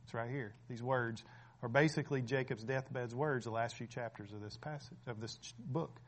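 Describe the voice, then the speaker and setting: A man's voice: mid-range voice, moderate pace. A man preaching a sermon as pastor, emphatic and conversational, often checking in with his listeners. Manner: emphatic, keeps asking "right?", laughs between points.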